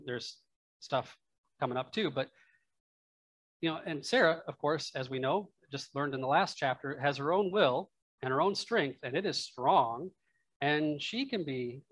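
Conversational Midwestern pastor preaching. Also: male voice, a little high, fairly bright tone, no room sound. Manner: conversational, musing aloud with asides and laughs. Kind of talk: sermon. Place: church.

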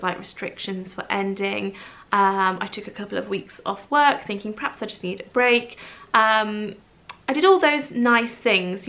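A woman's voice: mid-range voice, a bit bright, low-quality recording. Candid woman vlogging. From England. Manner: candid, open, many "um"s and asides. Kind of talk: personal vlog update.

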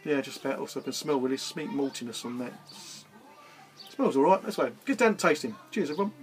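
A man's voice: mid-range voice, expressive, brisk. Chatty man reviewing beer. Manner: chatty, rambling, easygoing. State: tired after gardening. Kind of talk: casual beer review vlog. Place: indoors, with garden party music outside. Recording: faint music in the background. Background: music from back garden.

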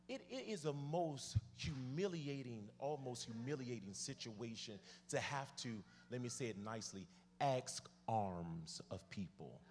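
A male preacher, shouting and repeating phrases, calling out to the congregation. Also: medium pitch. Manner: shouting and hollering; swings from loud shouts to soft asides. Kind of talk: sermon. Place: church sanctuary. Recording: long hall reverb.

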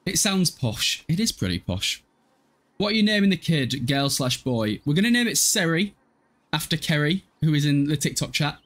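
A man's voice: fairly high pitch, fairly bright tone. A man in his twenties casually commentating a life-sim game live, chatty, swearing freely and answering chat. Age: 20s. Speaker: game streamer.

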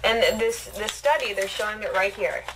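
A woman's voice: medium pitch, normal speed, fairly bright tone, slight background noise, poor audio. Agreeable woman reading study findings. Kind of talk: casual conversation.

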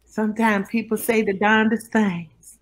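Older actress, animated raconteur who slips into other people's voices mid-story. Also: female voice, mid-range voice, unhurried, slight background noise. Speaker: interview guest, actress. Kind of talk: casual storytelling interview.

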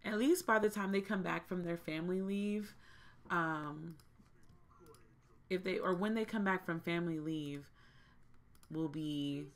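Woman host, casual game commentary, lower voice, slow and drawn-out, exasperated repeats. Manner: exasperated, repeats herself, talks to viewers directly. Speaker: gaming channel host.

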